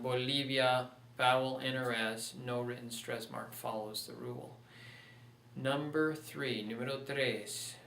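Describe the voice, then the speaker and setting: A male teacher records a lesson, calmly working through one example after another. His voice sits a little away from the mic in a reverberant room, with a faint hum of ambience behind it. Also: mid-range voice, distant mic. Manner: patient, walks through examples step by step. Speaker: Spanish teacher. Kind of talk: recorded online lecture.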